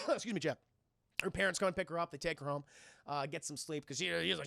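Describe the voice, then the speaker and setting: A man live-streaming a casual, profane recap of a film to his chat, rambling and acting out scenes in loud voices. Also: fairly high pitch, fast talker, gravelly, dry recording, clean studio sound. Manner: talks to chat, thanks viewers.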